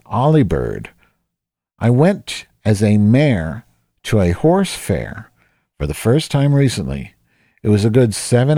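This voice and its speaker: Low dark-voiced guy ranting on his podcast, swears a lot, voice bounces up and down, dry close mic. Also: no room sound. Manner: profane, rambling, self-deprecating. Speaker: podcast host. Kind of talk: casual podcast rant.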